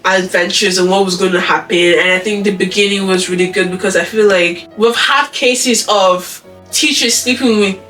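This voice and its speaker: A woman's voice: mid-range voice, steady tone, moderate pace, a bit bright, distant mic, low-quality recording. A woman vlogger recaps an episode in a casual, chatty way, filling her sentences with little fillers. Her voice comes from some way off the mic, and faint music plays underneath.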